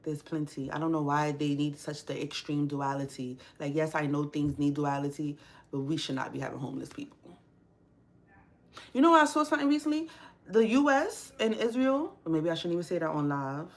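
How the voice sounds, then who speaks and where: Speaking a little fast and with plenty of expression, a young woman with a slightly low voice runs a casual livestream from her home workspace. She's blunt, curses often, and drives her opinions home hard.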